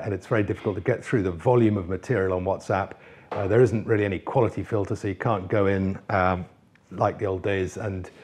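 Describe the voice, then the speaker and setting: A man's voice: lowish voice, darkish tone. A middle-aged man answering members' questions in a livestreamed Q&A, hesitant, with many fillers and restarts. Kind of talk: livestreamed Q&A, reading out messages.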